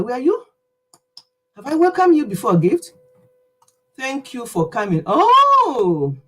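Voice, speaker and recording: A woman hosting a casual home livestream, chatting to viewers by name and laughing often, a little out of breath from exercising. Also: a little high. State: slightly out of breath. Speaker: livestream host. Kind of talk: casual livestream chat with singing.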